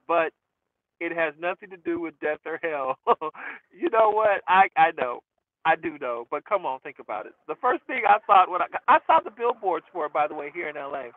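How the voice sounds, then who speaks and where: A chatty man talks casually to his viewers, amused at his own jokes and pausing on fillers. His voice sits a little high for a man. The sound is thin and tinny, like a phone line, with no room echo. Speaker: rideshare driver and channel host. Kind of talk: casual talk to camera answering viewer questions. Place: inside a car.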